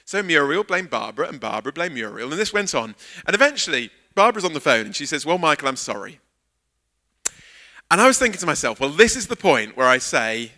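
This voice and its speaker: A man giving a sermon at a church service, his voice very bright and his pitch swinging widely as he tells a story. He acts out each quoted line with lively energy, and his voice sits somewhat high for a man. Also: quick pace. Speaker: guest preacher. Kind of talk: sermon with a humorous personal anecdote.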